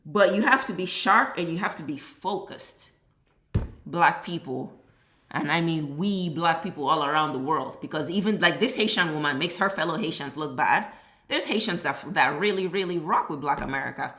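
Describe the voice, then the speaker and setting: A woman's voice: sits low, moderate pace, pushed and bright. A woman giving a heated, exasperated reaction commentary, cursing freely as she vents. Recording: roomy echo.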